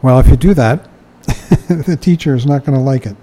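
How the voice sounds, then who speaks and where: An older man gives a dharma talk, reading from a book and commenting conversationally, often chuckling and saying "you know." His mellow voice is mid-range at a moderate pace, and the recording is rough.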